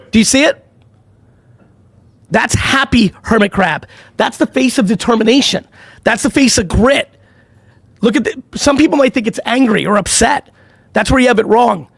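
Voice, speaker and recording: Middle-aged guy hyping a live stream, high gravelly voice, swears a ton, dry close sound. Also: normal speed, pauses often, no echo. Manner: intense, profane, emphatic repetition. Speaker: livestream host running giveaways. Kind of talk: unscripted live-stream pep talk and sales pitch.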